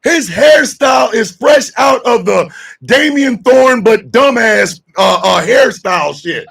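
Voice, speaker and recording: A man hosting a radio show, shouting and mocking in loud comedic commentary. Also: very high voice, slow, creaky, breathy edge. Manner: shouting, mocking, excitable riffing.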